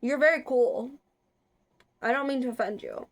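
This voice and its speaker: A chatty young woman with a slightly high voice talks casually to her viewers. She rambles, trips over her words and fills gaps with likes and ums. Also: moderate pace. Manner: rambling, chatty, frequent filler words and restarts. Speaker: vlogger. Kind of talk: casual chat.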